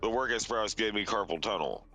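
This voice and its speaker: Low bright-toned laid-back man. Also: brisk. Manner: laid-back, drawling, cursing. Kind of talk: casual chat.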